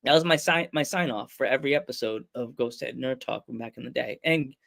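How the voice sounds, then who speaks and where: A podcast host with a gravelly, mid-range voice tells a story in casual chat at a fairly quick clip. He's an animated storyteller who acts out other people's voices and laughs a lot.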